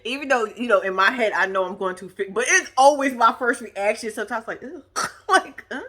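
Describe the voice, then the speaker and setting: A woman's voice: a little high, quick pace, sharp tone. A woman casually recapping a reality TV episode for her viewers, chatty and profane, calling them y'all and laughing a lot. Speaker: TV reaction vlogger.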